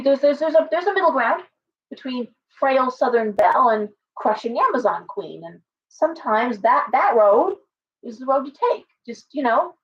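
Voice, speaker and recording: A woman giving a casual live tarot reading, blunt and chatty, full of asides and restarts. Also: fairly high pitch. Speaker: tarot reader. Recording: distant, dull lo-fi sound.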